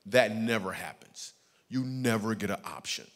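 A man doing stand-up storytelling as a guest comedian, lively, acting out the voices of people in his stories. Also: on the low side, normal speed. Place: church stage before a live audience. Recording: echoey church hall.

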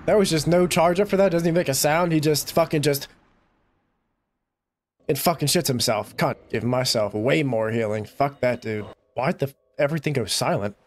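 A young man giving gameplay commentary, swearing and bursting into frustrated shouts. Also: mid-range voice, moderate pace. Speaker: gaming YouTuber.

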